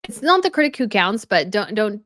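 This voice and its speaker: A woman's voice: medium pitch, big pitch swings, brisk, a bit bright, dry recording. Sarcastic woman commentator, dry close sound. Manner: sarcastic, scornful running critique. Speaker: commentary channel host. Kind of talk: reaction commentary.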